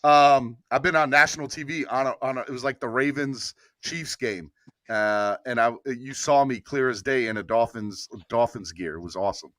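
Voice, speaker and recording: A man's voice: medium pitch, moderate pace, fairly bright tone, dry recording. A man hosting a casual sports talk podcast, laughing often and urging listeners to donate. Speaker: podcast host. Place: Baltimore area.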